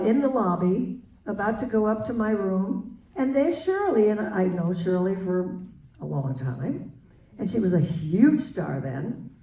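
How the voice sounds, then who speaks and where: An older woman tells a story on stage, her pitch rising and falling freely. She laughs easily as an animated storyteller. The sound is roomy and distant. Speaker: guest. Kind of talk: anecdote on stage. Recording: roomy hall, distant mic.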